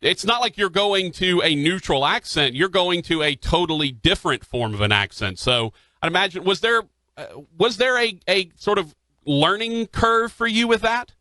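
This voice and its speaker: A man's voice: high voice, lively intonation, moderate pace, bright, forceful tone, no echo. A man hosting a radio show, chatting casually with a guest, often restarting his sentences with fillers. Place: radio studio. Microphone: studio microphone.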